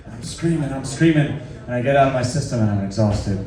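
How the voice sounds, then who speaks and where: A man's voice: mid-range voice, animated, fast, a little mellow, a little hiss or hum. A man telling a loose, profane, self-mocking story on stage between songs. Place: live venue with audience. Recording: echoey live room, far off, crowd. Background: crowd laughing.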